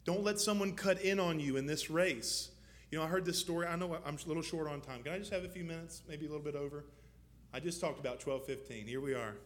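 A man preaching a sermon as pastor, moving from low, measured teaching to loud, fervent exhortation. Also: a little hiss or hum. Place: church.

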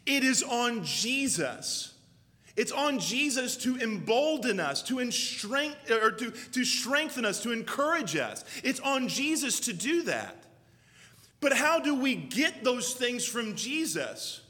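A man's voice: extremely high pitch, sing-song, slow pace, sharp tone, big-room sound. A male pastor preaching a sermon with emphatic, repeated phrases. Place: church.

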